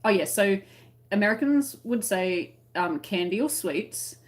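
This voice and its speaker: A chatty Australian woman on a relaxed livestream, reading out viewer comments and explaining everyday words. She talks in a loose, giggly way, pitched in the middle for a woman. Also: a little slow. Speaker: crochet livestream host.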